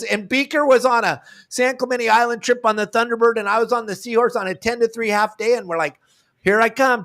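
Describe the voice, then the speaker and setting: A middle-aged man and sportfishing captain, telling an excited fishing story and acting out the dialogue. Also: high voice, quick pace. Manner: animated, acts out the dialogue.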